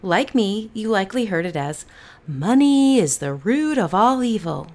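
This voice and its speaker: A middle-aged woman hosts a motivational affirmation podcast in a voice of ordinary pitch for a woman. She sounds upbeat and encouraging, and she slows down and stretches words out for emphasis. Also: very animated, darkish tone. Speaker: podcast host.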